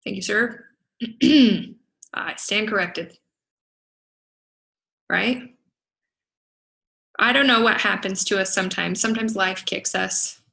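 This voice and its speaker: A woman's voice: medium pitch, slow pace, creaky, long pauses, bright, forceful tone, low-quality recording. A middle-aged woman, a business coach, giving an emphatic motivational talk to a group, laughing often and asking "right?". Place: event venue in Las Vegas.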